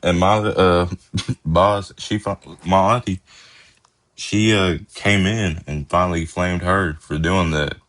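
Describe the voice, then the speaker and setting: A young man with a very low voice tells stories on his podcast. He talks in a relaxed, slangy way and laughs now and then as the stories unfold. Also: slow pace. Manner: laid-back, laughs while telling, slangy phrasing. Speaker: podcast host. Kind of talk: casual storytelling.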